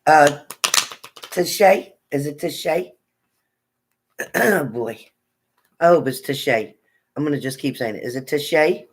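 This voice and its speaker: A woman's voice: low voice, lively intonation, takes it slowly, long pauses, a little hiss or hum, poor audio. A woman tarot reader chatting casually on a live stream, reading out viewers' names and sometimes stumbling over them.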